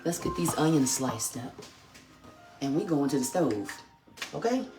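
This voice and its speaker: A middle-aged woman with a fairly low voice hosts a relaxed cooking demonstration from her home kitchen. She chats, teases, and thinks aloud as she works. Faint music and the clatter of pots and pans sit in the background. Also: unhurried. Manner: chatty, teasing, thinks aloud while working. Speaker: cooking show host.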